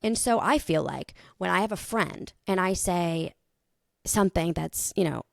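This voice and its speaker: A woman in her thirties hosting a podcast, thinking out loud in a rambling, casual monologue with the odd swear. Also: lowish voice, lively intonation, measured pace, gravelly, dry recording, clean studio sound. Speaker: podcast host.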